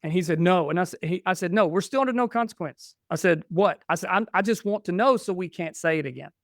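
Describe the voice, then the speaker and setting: A man's voice: high voice, quick pace, dry recording, studio quality. A man in his forties, a podcast guest, telling family stories casually and acting out what was said back and forth. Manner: chatty, restarts and quotes himself. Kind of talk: casual storytelling.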